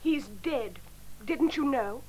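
A woman's voice: sits high, lively intonation, slow, a little mellow, heavily acted, low-quality recording. An actress playing a frightened, urgent young woman in a radio drama for language learners. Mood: alarmed. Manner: alarmed, urgent.

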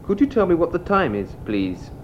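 A man's voice: fairly high pitch, big pitch swings, moderate pace, slight background noise. An actor playing a polite young man who keeps courteously repeating his question to a stranger. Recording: muffled old radio-course recording.

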